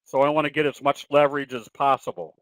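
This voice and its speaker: A man's voice: mid-range voice, steady tone, quick pace, no room sound, poor audio. A man presenting a trading webinar and answering questions, in a folksy, conversational way with fillers and self-corrections.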